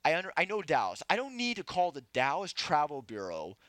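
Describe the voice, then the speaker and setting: Man from Texas, podcast co-host, animated, lively pitch, slightly high voice. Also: fairly quick, dry recording. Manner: animated storyteller, mimics his mom. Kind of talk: casual podcast chat.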